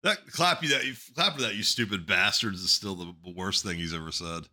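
Lively, sarcastic man on a podcast. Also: deep voice, a little fast, over a noisy crowd. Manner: sarcastic, plays audio clips. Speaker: podcast co-host. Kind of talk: casual chat.

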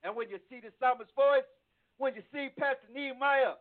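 High-voiced man preaching over a phone line. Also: brisk. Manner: repetitive, rhythmic preacher cadence. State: losing his voice. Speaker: host of a Christian radio show. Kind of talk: heartfelt preaching sign-off. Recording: tinny phone-line sound.

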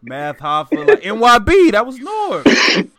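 A man's voice: extremely high pitch, huge pitch swings, unhurried, crowd noise. A man joking and laughing in a casual group chat. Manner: joking, laughs mid-sentence.

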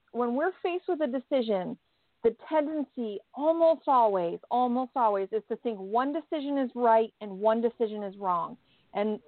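A woman working as a psychic medium on a call-in radio show, relaying messages in a halting way with many repeated words, speaking from a small closet. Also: fairly high pitch, no echo. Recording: thin phone line, dry.

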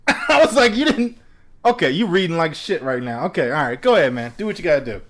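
A young man tells a story in casual chat, and his voice sits a little high. He acts out both ends of a phone call with lots of animation and frequent laughter. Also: very animated, a little fast, a bit bright.

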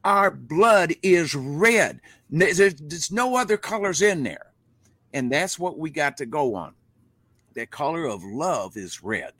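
A man's voice: a little high, expressive, slow pace, fairly bright tone, husky, no echo. An older man, a rock musician guest in a casual interview, speaking in a preachy, impassioned way with folksy grammar. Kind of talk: casual interview over a live stream.

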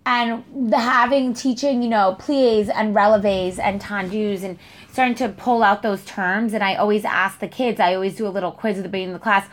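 A woman's voice: medium pitch, fairly even intonation, moderate pace. A young adult woman who teaches dance, talking casually with frequent fillers and restarts. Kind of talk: casual chat.

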